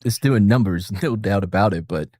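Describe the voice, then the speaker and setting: A man's voice: lowish voice, moderate pace, a little mellow, dry recording, clean studio sound. A man streaming, chatting casually and rambling with jokes while reacting to a video with friends. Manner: rambling, joking, chuckles often. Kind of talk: casual chat.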